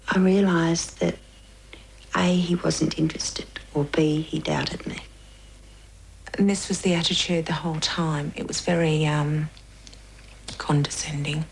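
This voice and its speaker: A woman giving documentary interview testimony, recounting quietly and sometimes dropping almost to a whisper. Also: lowish voice, creaky, a little hiss or hum, rough recording. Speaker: interviewee recounting police questioning.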